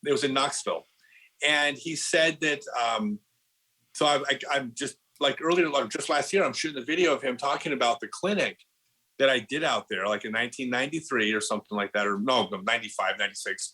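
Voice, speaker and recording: A middle-aged man with a bright, forward voice chats on a podcast, spinning stories with lots of false starts. He leans on "like" and keeps circling back to his point. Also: mid-range voice, a little fast, husky, low-quality recording. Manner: animated storyteller, lots of restarts and "like". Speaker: podcast guest, disc golf pro. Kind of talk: casual podcast chat.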